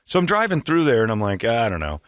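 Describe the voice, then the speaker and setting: A man hosting a podcast, telling a comedic story in casual chat, animated and jumping into loud high voices for quoted people. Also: fast, no echo, clean studio sound. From Phoenix area, US. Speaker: podcast host.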